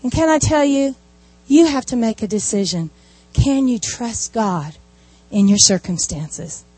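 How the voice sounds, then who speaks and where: High-voiced woman preaching. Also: unhurried, husky, dry recording. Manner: animated storytelling with asides. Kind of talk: sermon.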